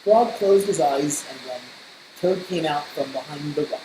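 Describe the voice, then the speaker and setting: A woman reading a children's storybook aloud in slow, measured narration. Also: low-pitched. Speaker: storybook reader. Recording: roomy echo, faint hiss.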